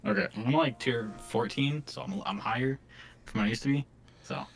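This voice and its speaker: A man's voice: mid-range voice, moderate pace, vocal fry, a crowd in the background. A man joining a gaming livestream over voice chat, laid-back and chuckling, his audio coming through robotic and glitchy. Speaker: co-player on stream.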